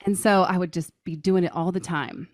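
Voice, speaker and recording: A woman guest on a podcast, telling a personal story in an animated, laughing way. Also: lowish voice, brisk, dry recording, studio quality. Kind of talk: casual storytelling.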